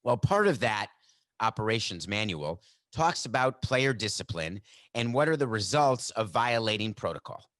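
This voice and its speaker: A man's voice: fairly low pitch, sing-song, normal speed, a bit bright, no echo, studio quality. A man hosting a sports talk podcast, speaking alone at a desk mic in a sarcastic, mock-dramatic monologue. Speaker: podcast host. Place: desk at home studio.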